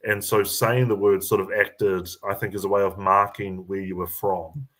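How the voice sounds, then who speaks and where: Man, New Zealand accent, lowish voice, casual chat, full of ums and restarts. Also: little pitch movement, a bit bright. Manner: halting, many fillers and restarts.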